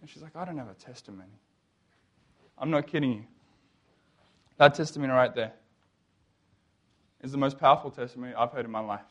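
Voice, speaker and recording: A young man telling his faith story to an audience, animated and jokey, acting out the lines of the people he quotes. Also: mid-range voice, brisk, pauses often. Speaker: speaker. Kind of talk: testimony talk to an audience.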